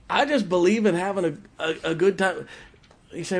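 A man's voice: high voice, lively intonation, normal speed, creaky, slightly rough. A male pastor preaching a sermon in church, telling folksy stories and laughing at his own jokes.

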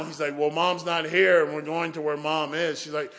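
A preacher with a fairly high male voice tells a story during a sermon at a moderate pace, animatedly acting out the voices of the people in it. The recording has an echoey hall sound.

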